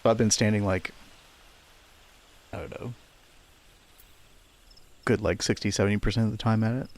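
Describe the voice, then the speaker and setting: A man's voice: lowish voice, fairly even intonation, moderate pace. A man chatting casually beside a game stream, laid-back and joking. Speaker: streamer's partner, co-host. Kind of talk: casual chat.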